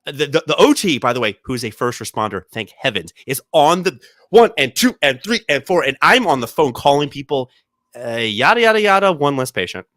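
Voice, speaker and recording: Podcast guy telling a wild story, bright voice, bounces all over in pitch, dry close sound. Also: brisk, no room sound. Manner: animated storyteller, jumps into quoted voices. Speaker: podcast co-host. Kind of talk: casual chat. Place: podcast studio.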